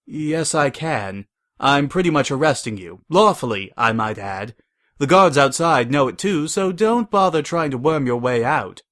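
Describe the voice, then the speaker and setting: A man's voice: fairly high pitch, expressive, a little slow, a bit bright, voice pushed up. A man playing a smug scheming stallion. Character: cool scheming male pony agent, smug and calm.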